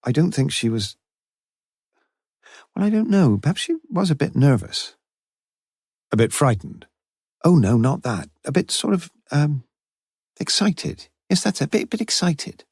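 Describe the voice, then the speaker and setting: Audiobook: a man playing an anxious, obliging landlady, pitched well up, hurried and fluttery. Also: very animated, a little mellow, breathy edge, no echo, studio quality, full character voice. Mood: flustered. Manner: flustered and eager to please. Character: fussy, anxious middle-aged landlady. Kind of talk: audiobook character voice.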